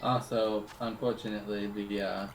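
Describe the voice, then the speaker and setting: A man's voice: fairly low pitch, flat delivery, normal speed, slight background noise. A man joining a game stream over voice chat, teasing and easygoing. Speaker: friend on voice chat. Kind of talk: casual gaming chat. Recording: roomy echo.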